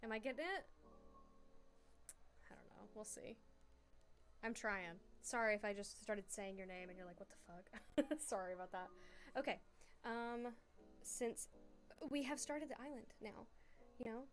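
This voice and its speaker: A woman's voice: a little high, unhurried, long pauses, faint music behind. A woman streamer chatting casually from a small room at home, giggly and rambling, with many fillers. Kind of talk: casual livestream chat.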